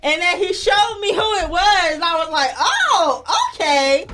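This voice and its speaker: A woman's voice: very high voice, moderate pace, a bit bright, a little hiss or hum. A young woman co-hosting a podcast, brash and laughing a lot, swearing freely in casual banter. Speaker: podcast co-host.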